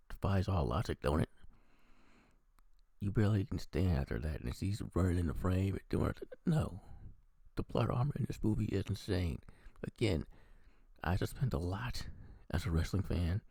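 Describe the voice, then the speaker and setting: A man's voice: low-pitched, creaky, dark tone, breathy edge, no room sound. A man giving a casual, profane movie review, animatedly acting out the characters' lines.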